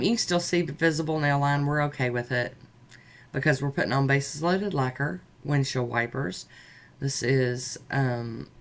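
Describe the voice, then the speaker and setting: A woman's voice: very deep voice, creaky. Chatty woman narrating a nail tutorial. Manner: chatty, upbeat, talks through each step. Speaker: nail art vlogger.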